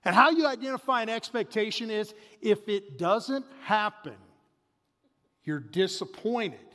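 High-voiced pastor in a reverberant hall. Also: male voice, a little slow. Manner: animated, swings between loud bursts and hushed asides. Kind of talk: sermon with storytelling.

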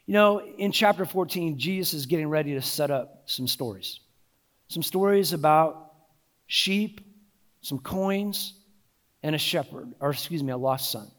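A man's voice: a little high, animated, a little slow, a bit bright. A married man preaching a sermon in a conversational way, with frequent asides and small restarts. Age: adult, married. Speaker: pastor.

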